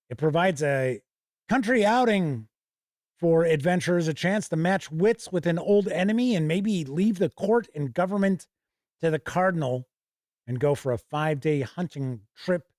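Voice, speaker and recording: A man's voice: on the high side, a little mellow, no echo, clean studio sound. A middle-aged man hosting a casual livestream, reading passages aloud from old game books and correcting himself as he goes. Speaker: host.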